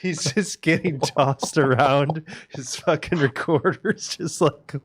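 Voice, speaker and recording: A man's voice: fairly high pitch, slow, a bit bright, breathy edge. A man co-hosting a podcast, telling a rowdy story with lots of swearing and laughter. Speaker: podcast co-host. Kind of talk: casual chat.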